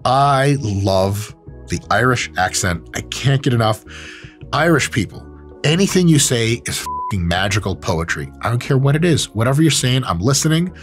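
Lively profane male commentator. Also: mid-range voice, normal speed, faint music behind. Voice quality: profane, joking, animated. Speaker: exercise scientist host. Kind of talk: reaction commentary.

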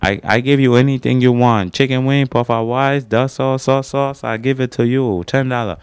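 A man's voice: mid-range voice, fairly even intonation, moderate pace, clean tone, pitched above the performer's own voice, natural voice. A man voicing a pushy male takeout counter worker who speaks in clipped, broken phrases.

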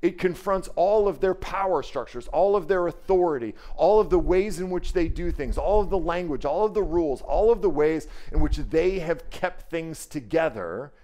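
A man preaching a sermon in a conversational, animated way, acting out quoted voices. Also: fairly high pitch, moderate pace, hardly any pauses. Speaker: pastor.

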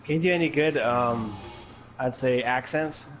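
A man playing a co-op game as a guest, animated and giggly with quick reactions. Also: mid-range voice, slight background noise. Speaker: guest co-op player. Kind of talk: casual co-op gameplay chat.

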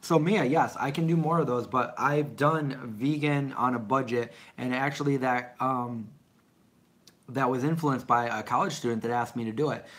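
A man's voice: medium pitch, moderate pace. A middle-aged man rambling casually as he answers viewer questions on a live stream. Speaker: vlogger answering live chat.

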